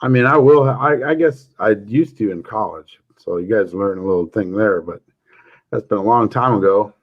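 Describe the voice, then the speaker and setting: A man's voice: fairly low pitch, normal speed, narrow, tinny audio. A man hosting a casual livestream chat, telling jokey stories and chuckling often. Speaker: livestream host.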